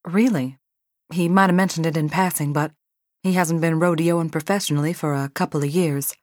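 A woman's voice: low-pitched, fairly even intonation, moderate pace, darkish tone, no echo, close to an everyday voice. Woman narrator doing a blunt feisty ranch wife. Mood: brisk.

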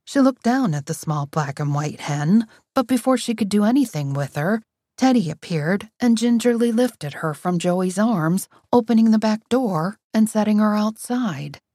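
A woman narrating a novel aloud in a wry, expressive reading. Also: medium pitch, moderate pace, no room sound, studio quality. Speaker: audiobook narrator. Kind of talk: scripted narration.

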